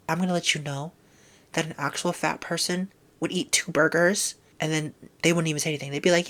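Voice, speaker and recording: Woman, young adult, lowish pitch, sarcastic, blunt, casual rant, whispered asides. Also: steady tone, a little fast, a bit bright. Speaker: vlogger.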